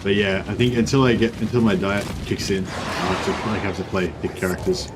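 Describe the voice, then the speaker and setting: Rambling low-voiced male game streamer. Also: a little fast. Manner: rambling, self-interrupting, swears casually. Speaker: gaming streamer. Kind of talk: casual gameplay commentary. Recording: steady background noise.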